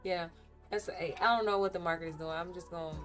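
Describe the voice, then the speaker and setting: Low-voiced woman chatting while day trading. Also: fast talker, soft background music. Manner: candid, animated, chatty with viewers. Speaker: livestreaming day trader. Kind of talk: casual live-stream chat while trading.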